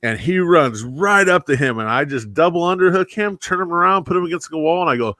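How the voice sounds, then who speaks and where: A man in casual chat, telling old security-guard stories with lively delivery that jumps up and down for each character he quotes. His voice sits mid-range and sounds close and dry, with no room around it. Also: a little high, quick pace, hardly any pauses, dry recording. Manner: animated storyteller acting out quotes, says bro and dude.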